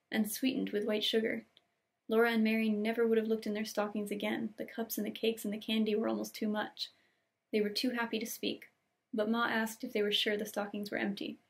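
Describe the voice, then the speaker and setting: Woman, young adult, book host reading aloud; slightly high, gravelly, gentle and unhurried. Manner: gentle, unhurried reading, lingering on cozy details. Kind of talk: storybook read-aloud with casual asides.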